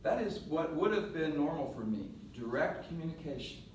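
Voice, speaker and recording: A middle-aged man coaching on presentation skills, telling a lively story to a class and acting out the voices. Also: a little high, normal speed. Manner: animated storyteller, laughs and acts out voices. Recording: roomy echo, mic at a distance, faint noise.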